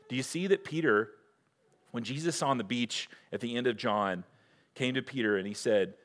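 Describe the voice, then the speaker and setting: A man preaching a sermon as pastor, earnest and direct, asking rhetorical questions and moving between loud emphasis and hushed scripture reading. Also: mid-range voice, moderate pace.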